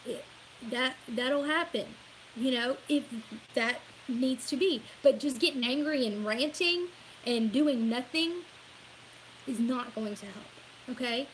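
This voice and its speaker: A Louisiana woman with a Southern accent and a high voice talks slowly over poor audio with a little hiss or hum. She's a political vlogger sharing opinions in a casual vlog, rambling earnestly, often saying "y'all," and laughing at herself.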